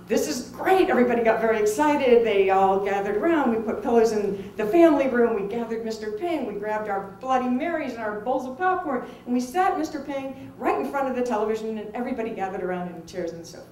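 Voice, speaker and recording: A middle-aged woman tells a personal story to an audience in a lively, conversational way and acts out other people's lines. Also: fairly high pitch, fast, few pauses, slight background noise. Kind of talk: personal anecdote told to an audience. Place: film festival venue. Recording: roomy, distant mic with faint ambience.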